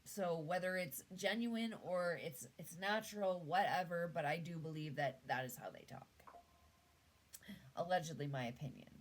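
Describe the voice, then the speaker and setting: A Canadian woman, a tarot reader, works through a spread in a casual, easygoing monologue, her voice low and her pace unhurried. She muses aloud, trailing off and restarting sentences, on a low-quality recording.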